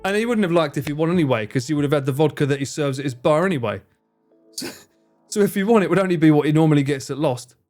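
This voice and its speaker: A young man live streaming, chatting casually with viewers, swearing freely and acting out his friends' lines in higher voices. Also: expressive, fast talker, darkish tone, soft background music. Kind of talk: casual chat answering viewers.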